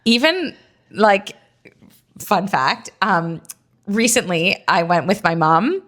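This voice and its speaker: A woman's voice: mid-range voice, lively intonation, slow, fairly bright tone. A chatty woman co-hosting a podcast in easy conversation. She is playful and self-deprecating, tossing in little asides as she goes. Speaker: podcast co-host. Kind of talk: casual chat.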